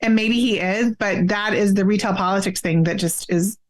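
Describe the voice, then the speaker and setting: A woman's voice: medium pitch, moderate pace. An American woman speaking as a guest in a casual political chat, frank and candid, with casual fillers and the odd curse word. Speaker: podcast guest, activist.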